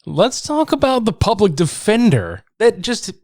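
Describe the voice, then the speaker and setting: A man co-hosting a casual movie review podcast, animated and profane, joking around. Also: high-pitched, measured pace, no room sound, studio quality. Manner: animated, profane, breaks into silly voices. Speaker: podcast co-host.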